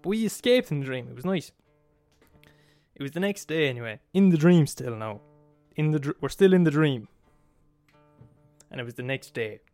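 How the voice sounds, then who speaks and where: A man with an Irish accent telling a story in a casual, animated way, swearing freely and checking in with the listener. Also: fairly high pitch, normal speed, pauses often, soft background music. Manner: animated, swears a lot, asks the listener "right?".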